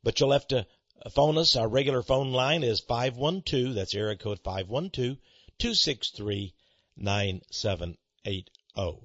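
A man's voice: medium pitch, measured pace, fairly bright tone, no room sound. A man with a Texas accent hosting a radio talk show, folksy and emphatic like a preacher, heard on a dull lo-fi broadcast. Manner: folksy, emphatic preacher-like delivery with dramatic rises. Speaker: radio ministry host.

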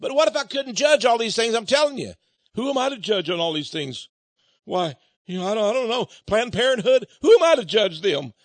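A man rants on his radio program in a sarcastic, mocking way. His voice sits high and leaps all over the place, jumping from loud jabs down to low grumbles. The sound is dry, with no room around it. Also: sing-song, a little fast, dry recording. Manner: mocking, sarcastic, swings between loud outbursts and low mutters. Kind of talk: ranting radio commentary.

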